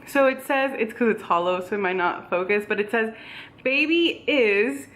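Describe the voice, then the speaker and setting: A woman's voice: on the high side, moderate pace, fairly bright tone, a little hiss or hum. A young woman, out of breath, chatting in a bubbly, rambling vlog with lots of "like" and "um", filmed on a tripod camera at home. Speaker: vlogger. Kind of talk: casual vlog chat. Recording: echoey room.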